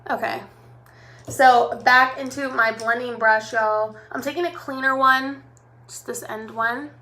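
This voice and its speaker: Bubbly young woman with a gravelly edge. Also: a little high, steady tone, unhurried, pushed and bright. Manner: chatty and bubbly, addressing viewers. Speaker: makeup artist. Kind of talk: live makeup tutorial.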